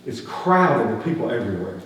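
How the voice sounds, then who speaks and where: A man, a pastor, playing a skeptical, rough-spoken outcast shepherd in a first-person dramatic sermon, talking. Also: medium pitch, a little fast, voice pushed down, lightly acted. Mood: earnest. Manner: folksy, colloquial grammar, rising animated questioning. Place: church sanctuary. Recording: echoey hall, distant mic, faint hum.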